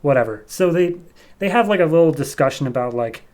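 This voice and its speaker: A man hosting a podcast, casually recapping a comic issue with lots of "like" and "um", and putting on higher voices for the characters he quotes. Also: lively intonation, fairly quick, a little mellow. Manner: chatty, loose with lots of "like" and "um", voices quoted characters with raised pitch. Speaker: podcast host.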